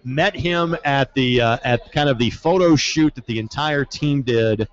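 A man's voice: mid-range voice, a little slow. A man from Indiana, a soccer broadcaster, chatting casually on a podcast and acting out quotes as he tells stories. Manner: relaxed storyteller, acts out quotes. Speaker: soccer play-by-play broadcaster, guest. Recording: dull lo-fi podcast audio.

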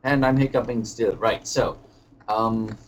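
A man's voice: on the low side, steady tone, measured pace, a little hiss or hum, lightly acted, poor audio. A man playing a fussy, pompous British lord on a comedy podcast, speaking in a put-on British accent, rambling and hesitant while he has the hiccups. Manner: rambling, hesitant, genteel phrasing. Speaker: podcast co-host. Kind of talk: comedic podcast character chat.

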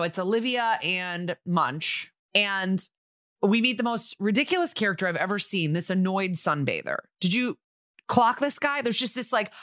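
A woman co-hosting a podcast, casually recapping a TV episode with irreverent asides and quick impressions. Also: mid-range voice, fairly bright tone, no room sound, clean studio sound. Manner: chatty, irreverent, acts out lines from the episode. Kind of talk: casual chat.

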